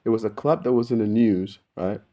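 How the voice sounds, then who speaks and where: A man's voice: on the low side, a little fast, dull audio. An Australian man hosting a video, telling rambling stories with lots of slang and swearing. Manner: slangy, profane, rambling, animated storyteller. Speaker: video host. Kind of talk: casual storytelling to camera.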